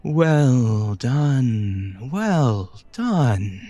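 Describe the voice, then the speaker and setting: Smug gecko lady villain voiced by a guy, gloats slowly, pitch swings around a lot. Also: sing-song, dark tone, no room sound. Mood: gloating. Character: scheming female gecko villain, spidery hands.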